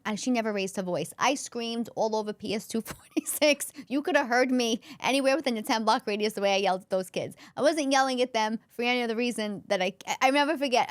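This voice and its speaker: A woman's voice: fairly high pitch, quick pace, hardly any pauses, no room sound. A woman, a comedian and former school counselor, telling a personal story as a podcast guest in an earnest, emotional way, often restarting her sentences.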